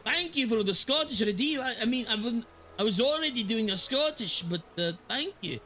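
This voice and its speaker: A man's voice: very high voice, animated, normal speed, pushed and bright. A man streaming a game, chatting playfully with his viewers and joking about voice requests. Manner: playful, reading chat and joking. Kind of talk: casual game livestream chat.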